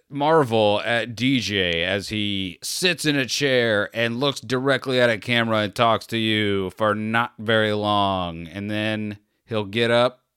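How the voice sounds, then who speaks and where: A man voicing a movie trailer announcer who speaks in a slow, dramatic announcing style. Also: fairly low pitch, fairly bright tone, clear, resonant tone, no room sound, clean studio sound.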